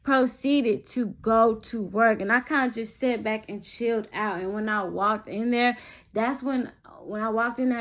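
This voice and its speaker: A young woman telling a storytime vlog, animated and constantly addressing her viewers directly. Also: a little high. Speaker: vlogger.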